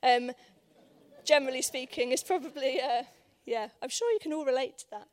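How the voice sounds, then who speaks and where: A woman preaches to a church congregation in a loose, conversational sermon. Her voice sits high and sounds a little hoarse. She fills pauses with ums and keeps checking in with the room. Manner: conversational, many ums, asks the room for agreement. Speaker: guest preacher. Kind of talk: informal sermon. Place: church service.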